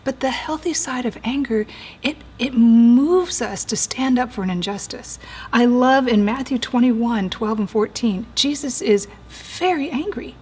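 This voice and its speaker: An earnest woman teaches in a somewhat high, husky voice. She slows down and sinks to a hushed whisper to stress a point. She sounds like a therapist explaining ideas calmly to listeners. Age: 40s or older. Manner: earnest, slows and drops to a soft whisper for emphasis. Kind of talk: teaching talk.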